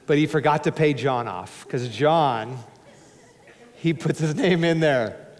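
Male pastor, higher voice, preaching with joking asides and big loud-to-soft swings, church reverb tail. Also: takes it slowly. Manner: emphatic, swings between loud urging and hushed low tones. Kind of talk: sermon. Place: church sanctuary before a congregation. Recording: long hall reverb in a church.

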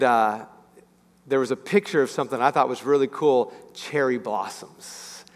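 A male pastor preaching a sermon in an animated way, acting out voices as he tells stories. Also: on the high side, long reverb tail. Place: church sanctuary.

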